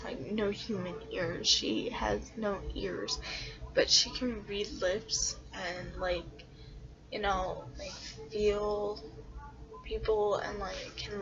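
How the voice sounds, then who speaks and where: A woman retelling a character backstory in a loose, hesitant way, full of ums and likes. She talks slowly at a middle pitch. The recording sounds dull and lo-fi. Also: a crowd in the background. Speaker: storyteller. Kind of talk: casual storytelling.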